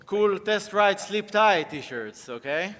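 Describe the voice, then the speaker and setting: A man with a sore throat speaks slowly in a high, bright voice, playfully directing volunteers on a conference stage. His voice rings with a long hall reverb, and a faint crowd murmurs behind him. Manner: playful, animated, coaxing the audience. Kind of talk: live on-stage tech talk directing volunteers.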